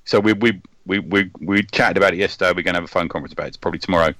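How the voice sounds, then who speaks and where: Male podcast host, low voice, dry sound, rambling chatty delivery. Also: rapid-fire, fairly bright tone, dry recording. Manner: chatty, rambling, with many ums and restarts. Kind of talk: casual chat.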